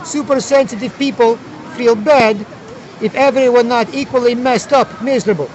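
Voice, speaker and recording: A man's voice: very high-pitched, normal speed, a little mellow, some chatter behind, a little hiss or hum, low-quality recording. A man voicing a mocking, dogmatic male communist zombie who speaks clipped, broken English. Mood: preachy.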